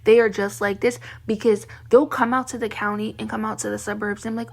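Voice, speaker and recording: Husky young woman ranting. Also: mid-range voice, flat delivery, fast, hardly any pauses. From Baltimore, Maryland. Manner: heated, profane, venting. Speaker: vlogger. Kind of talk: ranting monologue to camera.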